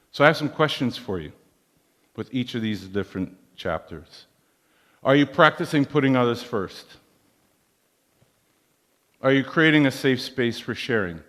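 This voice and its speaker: A man giving a motivational leadership talk in a large hall, measured and preacherly, with proverbs. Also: mid-range voice, fairly bright tone. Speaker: keynote speaker. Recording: long hall reverb.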